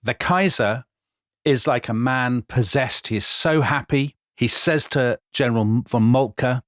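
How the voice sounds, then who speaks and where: A man retells history in an animated, conversational way, as a podcast co-host. His pitch sits in the middle of the male range. The sound is dry and close. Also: unhurried, no room sound. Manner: vivid, dramatic retelling with quoted voices. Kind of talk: animated storytelling chat.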